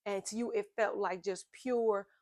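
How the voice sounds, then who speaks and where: A woman's voice: medium pitch, steady tone, unhurried, dry recording. Earnest, chatty woman teacher, mid-range voice, dry close sound. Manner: earnest and chatty, repeats phrases for emphasis, acts out little scenes. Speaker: faith and health teacher. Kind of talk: conversational teaching talk.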